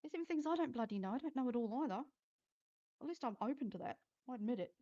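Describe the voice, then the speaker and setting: Woman, intuitive reader on a livestream; frank, foul-mouthed, warm low tone, muffled sound. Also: animated, fast talker. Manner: blunt, swears freely, talks straight to viewers. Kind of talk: live-streamed psychic reading.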